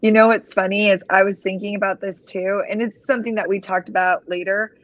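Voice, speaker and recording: A woman's voice: mid-range voice, steady tone, a little fast, no echo. Agreeable woman on a dull lo-fi line. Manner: agreeable, backs others with "right". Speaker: book club guest. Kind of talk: casual live book chat.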